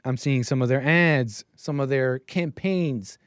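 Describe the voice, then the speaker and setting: A man's voice: mid-range voice, measured pace, smooth, dry recording. Rambling man talking to himself on a dry mic. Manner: rambling, stop-start, thinking aloud with muttered asides. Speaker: call-in show host. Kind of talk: solo commentary monologue.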